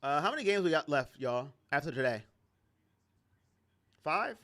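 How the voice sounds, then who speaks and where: Bright-voiced sarcastic man calling plays. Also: fairly high pitch, big pitch swings, moderate pace. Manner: sarcastic and exasperated. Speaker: fan commentator of a sports reaction channel. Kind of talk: casual play-by-play reaction.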